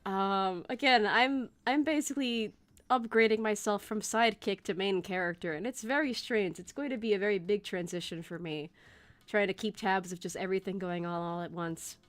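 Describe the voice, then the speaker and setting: A woman's voice: mid-range voice, normal speed. A woman streamer chatting casually and rambling, laughing often, with faint game music playing behind. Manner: rambling, giggly, many fillers. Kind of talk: casual livestream chat. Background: faint background game music.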